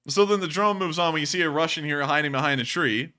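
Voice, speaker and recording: A man hosting a war footage commentary show banters loosely over video clips, full of sarcasm, jokes, and quick laughter. His voice runs on the high side, sounding pushed and bright.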